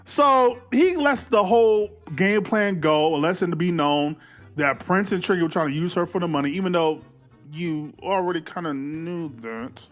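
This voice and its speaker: A man giving a casual, animated movie recap, swearing freely and acting out the scenes as he goes. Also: on the high side, moderate pace, soft background music. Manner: animated, profane, acts out scenes. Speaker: film reviewer.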